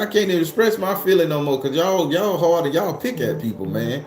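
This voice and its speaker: A man hosting his tarot channel, chatting casually with viewers, animated and cussing, often laughing and shooting his voice up when worked up. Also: on the high side, brisk, hardly any pauses. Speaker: tarot reader and channel host. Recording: echoey room with faint background music.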